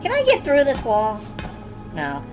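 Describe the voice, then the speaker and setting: A woman's voice: fairly high pitch, wildly swooping pitch, unhurried, over music. A woman streamer giving casual live commentary while playing a game demo, wry and enthusiastic, swearing freely and thinking aloud.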